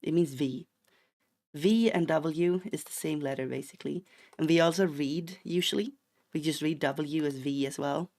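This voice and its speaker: A man from Sweden with a Swedish accent, streaming a game and chatting casually. His voice carries a gravelly, fry-tinged edge. He rambles playfully and flares into mock outrage. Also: fairly high pitch, normal speed, a little mellow. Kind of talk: casual chat while gaming.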